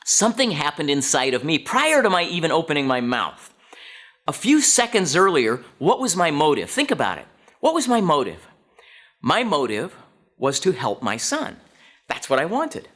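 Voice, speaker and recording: A middle-aged man speaks to an audience, his voice sitting slightly high and rising and falling in a very lively way. He tells a personal story and slips into the voices of the people in it. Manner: animated, acts out quoted dialogue.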